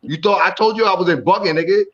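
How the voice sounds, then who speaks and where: Man, high voice, lo-fi call audio, profane, repetitive, casual hip hop chat. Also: fast. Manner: profane, loud and repetitive, ends lines with slang tags. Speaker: guest on a hip hop talk stream.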